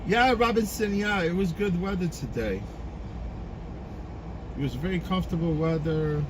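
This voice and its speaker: A man's voice: high-pitched, moderate pace, noisy background. A man chatting casually with live-stream viewers while driving for a rideshare service, greeting them by name. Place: car on city streets.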